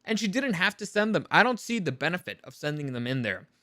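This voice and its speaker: A man's voice: high voice, very animated, fast talker, bright, forceful tone, no echo, clean studio sound. Exasperated, sarcastic man ranting. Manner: exasperated, sarcastic, swears freely. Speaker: reviewer. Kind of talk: ranting review vlog.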